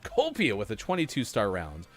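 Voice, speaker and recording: An upbeat man co-hosts a live gaming morning show and rattles off player standings. His pitch climbs and dips all over the place. Faint music plays underneath. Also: huge pitch swings, moderate pace. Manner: upbeat announcer reading scores. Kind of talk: live-stream game commentary.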